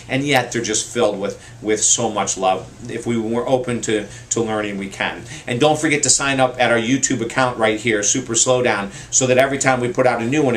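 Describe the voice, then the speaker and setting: A male motivational speaker at a middle pitch, talking straight to his viewers. He is earnest and heartfelt, leans on repetition to drive his points home, and turns lively when he retells what people told him. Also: a little hiss or hum. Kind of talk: personal storytelling message to camera.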